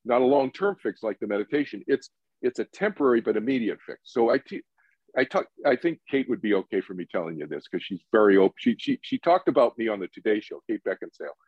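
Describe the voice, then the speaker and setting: Here a man with a fairly low, breathy-edged voice talks fast. He's a guest meditation teacher being interviewed on a podcast, speaking in an animated way, voicing quotes and throwing out rhetorical questions. The recording is dry and muffled.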